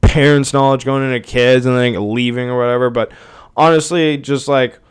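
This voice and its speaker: A young man with a smooth, resonant voice at an ordinary pitch rants casually as a podcast host. He rambles, swears freely and sounds exasperated, circling back on himself as he talks. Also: fairly even intonation, normal speed. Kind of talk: casual rant.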